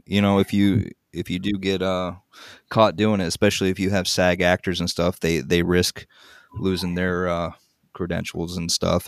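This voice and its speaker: A fairly low-pitched man chatting as a podcast guest about his filmmaking. He tells relaxed anecdotes full of ums and chuckles. His voice sounds dry and close, with no room around it. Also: no room sound. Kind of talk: casual podcast storytelling.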